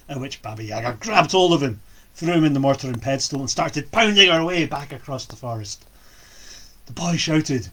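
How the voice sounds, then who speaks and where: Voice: mid-range voice, lively intonation, moderate pace, a bit bright, husky. A storyteller telling a folk tale for children in a playful way, with sound effects.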